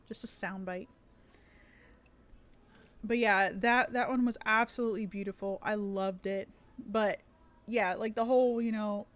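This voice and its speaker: A chatty woman talking casually on a live stream about tabletop game rules. She rambles, restarting her sentences and filling pauses with ums. Her pitch sits at an ordinary middle height. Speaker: streamer and dungeon master.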